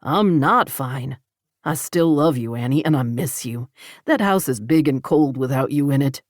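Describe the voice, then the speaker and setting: A man's voice: medium pitch, lively intonation, normal speed, no room sound, clean studio sound, lightly acted. A woman voicing a lovesick rancher man, earnest and pleading, in an audiobook romance.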